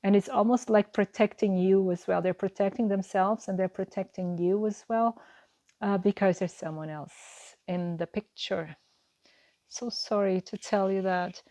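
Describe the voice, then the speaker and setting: A woman's voice: medium pitch, fairly even intonation, measured pace, dark tone. A woman giving an earnest, reassuring tarot reading to camera, musing and repeating her phrases as she goes. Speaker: tarot card reader.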